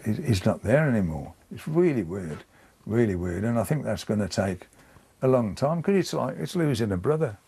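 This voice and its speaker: An older man, giving a hesitant, halting interview and often repeating words. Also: lowish voice, sing-song, creaky, dark tone, slightly rough. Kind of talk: reflective casual interview.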